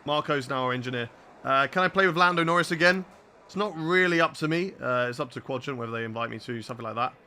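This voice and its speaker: A young man streams a racing game live, chatting with his viewers as he drives while faint engine sounds play behind him. His medium-pitched voice is quick and sharp, a chatty flow of gameplay commentary.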